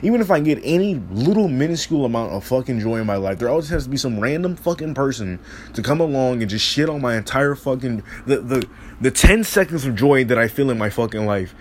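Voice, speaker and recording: A man's voice: mid-range voice, animated, fast, slight background noise. A teenage boy ranting in frustration, swearing constantly and rambling with many restarts. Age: teens. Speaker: high school student venting. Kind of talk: casual rant.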